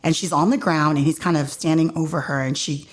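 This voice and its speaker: A woman's voice: low-pitched, steady tone, a little fast. A woman hosting a podcast, casually retelling a faith story with many fillers and acted-out quotes. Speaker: podcast host.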